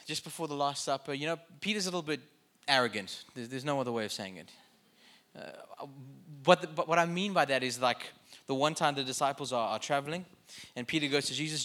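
Bright-voiced humorous male preacher. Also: a little high, fairly quick. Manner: humorous, conversational, self-deprecating. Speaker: pastor. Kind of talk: sermon.

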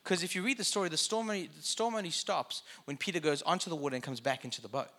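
A man's voice: fairly high pitch, fast, bright, forceful tone. A man preaching a sermon in a conversational way, with joking asides.

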